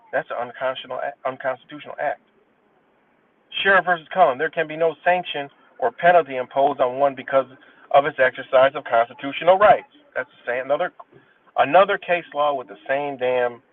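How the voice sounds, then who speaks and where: A man's voice: fairly high pitch, dry recording. A man hosting a livestream, reading legal citations aloud and commenting bluntly, with plenty of cursing. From New York State. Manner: blunt, profane, reads case citations haltingly then rants. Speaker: livestream host. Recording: tinny phone-like sound, distant from the mic, dry.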